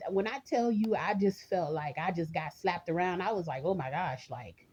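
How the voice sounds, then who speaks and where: A woman's voice: on the low side, dark tone, breathy edge, dull audio. A woman vlogger in a casual rant, rambling and chatty, talking straight to her viewers and laughing often.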